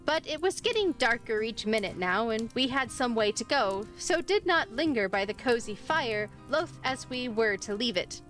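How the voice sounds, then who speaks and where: A woman reading a spooky story aloud on a live stream, expressive in how she voices the dialogue. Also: a little high, moderate pace, few pauses. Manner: expressive, lively voicing of dialogue. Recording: faint music behind.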